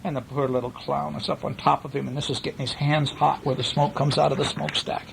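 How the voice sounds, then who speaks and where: An older man reading a picture book aloud to a child, animated and pointing out the pictures. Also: mid-range voice, fast, creaky, very noisy. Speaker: storyteller.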